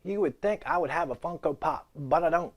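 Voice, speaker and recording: A guitar gear channel host films a casual vlog at his home setup, talking a little fast in a slightly high voice. He rambles through loose, irreverent banter and cracks jokes right at the camera.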